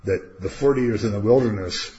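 Low-voiced man teaching a Bible class. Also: fairly quick, warm tone. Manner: conversational, rhetorical questions, acts out quotes. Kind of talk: casual Bible study teaching. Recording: dull lo-fi room recording with faint noise.

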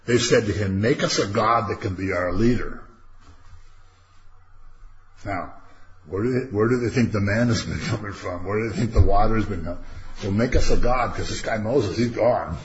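A man with a fairly low voice leads a casual Bible study at normal speed. He talks conversationally, poses rhetorical questions, and acts out quotes, captured in a dull lo-fi room recording with faint noise.

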